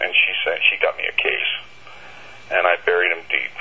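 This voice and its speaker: A man, an author and bookseller, telling animated anecdotes with frequent laughs and halting restarts. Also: low voice, husky, low-quality recording. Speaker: author guest. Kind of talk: casual storytelling. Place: bookstore owner, Denver.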